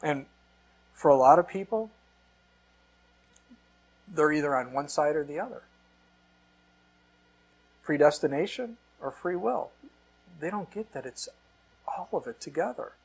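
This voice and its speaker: A man's voice: on the high side, animated, unhurried, creaky, long pauses, slightly rough. A man preaching a sermon as a pastor, quoting scripture and arguing through rhetorical questions. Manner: quotes scripture often, argues with rhetorical questions. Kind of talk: sermon Bible teaching.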